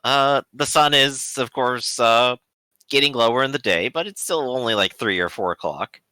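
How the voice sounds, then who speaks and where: A man narrating as game master in a tabletop game, relaxed and chatty with fillers. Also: mid-range voice, moderate pace, clean tone, dry recording.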